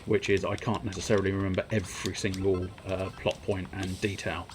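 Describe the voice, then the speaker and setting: A man's voice: low voice, level tone, brisk, music in the background. A man streaming a video game, rambling wryly with some swearing and reading the on-screen text aloud. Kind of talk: casual gameplay commentary.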